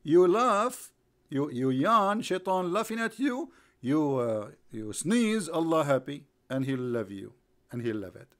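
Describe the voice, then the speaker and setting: A man's voice: a little high, sing-song, measured pace, fairly bright tone. A man hosting a live online broadcast, mocking his subject with sarcastic rhetorical questions, repetition and bursts of laughter. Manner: rhetorical, repeats himself.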